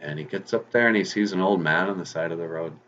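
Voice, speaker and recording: A man's voice: deep voice, fast, fairly bright tone, muffled recording, a little hiss or hum. A man telling a folk tale in a casual, chatty way as host of his own channel, with rambling restarts and asides.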